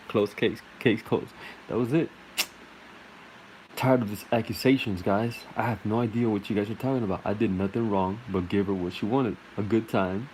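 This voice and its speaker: A man's voice: on the low side, fairly even intonation, normal speed, a little mellow, a little hiss or hum, low-quality recording. A man telling a crude comic story in a rambling way, full of fillers and laughter.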